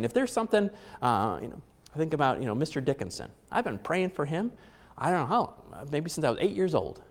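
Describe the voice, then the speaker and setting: Lively-voiced preacher in a reverberant hall. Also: male voice, a little high, normal speed. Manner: conversational, repeats phrases, brief chuckles. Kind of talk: sermon.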